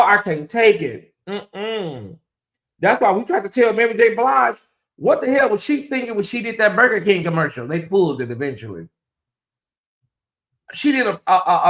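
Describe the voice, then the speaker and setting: A man with a high, bright voice hosting a casual livestream. He talks straight to his viewers, reads their comments aloud and breaks into mocking put-on voices. His delivery is animated and chatty. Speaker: host.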